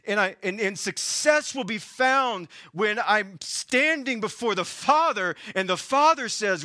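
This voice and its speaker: A man with a Southern US accent preaching a sermon as pastor, passionately shifting between hushed and raised delivery. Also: high-pitched, animated, a little slow, hardly any pauses, dry recording, studio quality.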